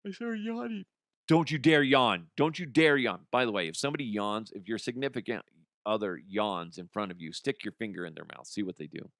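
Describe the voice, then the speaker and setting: A man's voice: on the low side, fairly bright tone, clear, resonant tone, no room sound, studio quality. A man hosting a comedy podcast, ranting animatedly with profanity and laughing at his own jokes. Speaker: podcast host.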